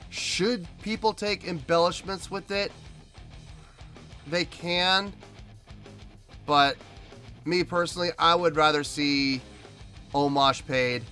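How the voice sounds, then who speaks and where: A man's voice: on the high side, bright, forceful tone. A man hosting a music reaction video, talking emphatically and repeating himself as he rants.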